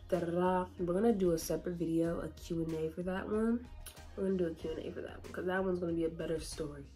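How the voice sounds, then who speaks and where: A woman's voice: on the low side, quick pace, dark tone, soft background music. A woman, talking casually and emotionally to her viewers, laughing and fighting back tears. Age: 20s. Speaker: YouTuber. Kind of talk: casual vlog talk to viewers.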